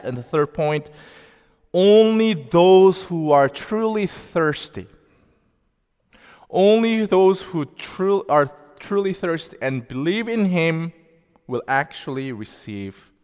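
A male pastor preaching a sermon, slow and deliberate, with emphatic rising outbursts. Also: on the high side, clear, resonant tone. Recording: long reverb of a large hall.

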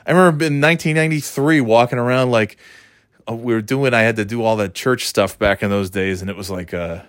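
A man's voice: mid-range voice, brisk, fairly bright tone, no echo, clean studio sound. A man in his forties chatting casually, telling rambling, enthusiastic stories and laughing often. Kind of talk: casual chat.

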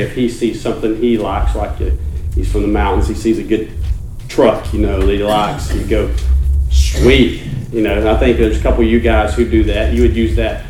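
A man's voice: on the low side, warm tone, far from the mic. A man preaching a conversational sermon to his congregation as their pastor, earnest and repeating words as he restarts phrases. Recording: roomy church echo, faint noise.

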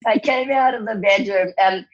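A man, an actor guest, telling stories in a casual interview, animated and laughing often as he quotes others. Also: high-pitched, normal speed, lo-fi sound. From New Zealand.

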